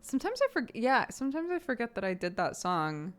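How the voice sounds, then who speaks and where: A woman streaming, chatting casually, laughing often and getting animated when she retells stories. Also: on the high side, brisk. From United States. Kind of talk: casual livestream chat.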